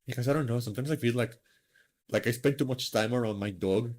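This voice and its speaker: A man's voice: medium pitch, quick pace, a little mellow. A man hosting a live stream, chatting casually in a rambling, self-mocking way with lots of fillers. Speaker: streamer host.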